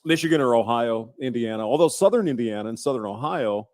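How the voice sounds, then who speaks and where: A man's voice: mid-range voice, expressive, a little fast, darkish tone, no room sound. A man hosting a casual panel chat, joking and teasing the guests and laughing often.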